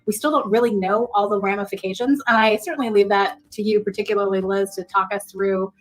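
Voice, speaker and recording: A woman analyst on a panel, speaking in a measured, thoughtful way. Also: medium pitch, steady tone, poor audio. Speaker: industry analyst. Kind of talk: panel discussion.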